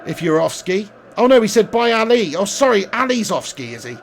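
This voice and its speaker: A man's voice: sits high, big pitch swings, fairly quick, slight background noise. A young man, a gaming streamer, chatting casually on a live stream, laughing often and reading out chat messages.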